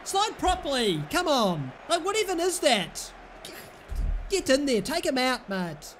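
A young British man giving live commentary over a football video game, exasperated and often yelling at his players and the referee. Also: very high voice, huge pitch swings, unhurried, a little hiss or hum. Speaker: gaming YouTuber.

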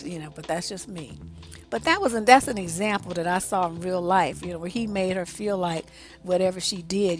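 Blunt, profane woman relationship coach. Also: fairly low pitch. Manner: conversational, addresses the audience directly. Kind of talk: casual advice monologue.

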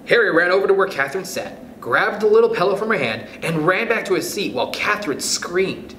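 Lively man reading a children's story. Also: high voice, a little fast, few pauses. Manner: animated, expressive reading. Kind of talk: children's storybook read-aloud. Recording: echoey room, faint background noise.

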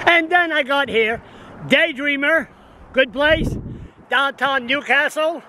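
A man's voice: extremely high pitch, sharp tone, rough recording. A man in his sixties ranting to a camera on a stand outdoors, agitated and rambling, repeating himself, with wind and traffic around him. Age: 60s. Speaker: vlogger. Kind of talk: casual rant to camera. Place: outdoors in windy town street with traffic. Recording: outdoor street noise and wind.

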